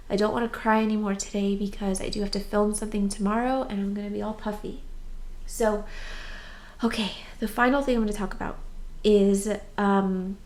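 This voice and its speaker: A woman's voice: mid-range voice, a little mellow. A young woman talking candidly in a personal vlog, stuffy and congested after crying, rambling with many fillers. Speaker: vlogger.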